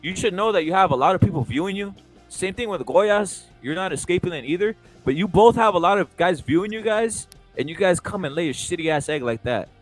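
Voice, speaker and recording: Excitable man hosting a fight reaction. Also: sits high, a little fast, faint music behind. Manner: loose, profane, excitable banter. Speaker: host. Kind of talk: casual live fight reaction chat.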